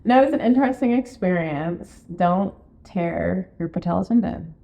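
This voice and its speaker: Animated chatty woman, slightly low voice. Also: normal speed, creaky. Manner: animated, filler-heavy, acts out her own quotes in a high voice. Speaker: podcast co-host, real estate marketing and sales director. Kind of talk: casual chat, storytelling. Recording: dull lo-fi podcast recording.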